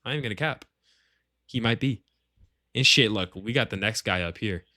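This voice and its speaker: This clan leader's lowish voice, pushed and bright, runs at a moderate pace on a dry recording with clean studio sound. He's at home in a shared family space, bantering through a tier list of his gaming group with lots of slang, cursing and rambling.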